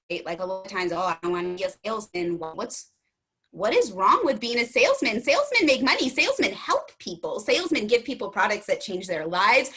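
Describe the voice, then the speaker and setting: A woman's voice: mid-range voice, a bit bright, breathy edge. A woman presenting on a video webinar, talking in a bubbly, rambling way with many fillers. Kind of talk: casual webinar talk.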